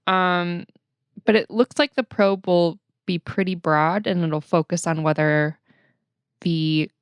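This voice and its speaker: Woman with a lowish voice going over the week's news, smooth and clear, dry sound. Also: fairly even intonation, takes it slowly, dry recording. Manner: conversational, frequent "um" fillers. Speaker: podcast co-host. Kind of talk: casual news recap chat.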